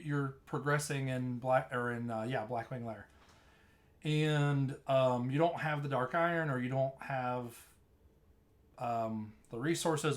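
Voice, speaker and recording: Chatty man walking through game footage. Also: medium pitch. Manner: loose and chatty, narrates replay footage with frequent restarts. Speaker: streamer explaining raid tanking. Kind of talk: casual gameplay walkthrough.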